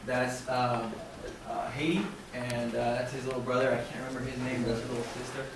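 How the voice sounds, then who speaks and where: A young man giving a casual slideshow presentation as a student presenter, relaxed and rambling with lots of fillers and restarts, recorded in a very echoey room from a distant mic. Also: medium pitch, brisk, noisy background. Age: young adult.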